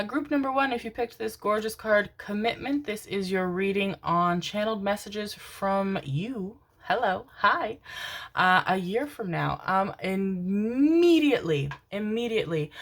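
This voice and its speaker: Low-voiced woman reading tarot cards. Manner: soft, affectionate, calls viewers darlings and loves. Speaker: tarot card reader. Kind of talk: casual chat and tarot reading to camera.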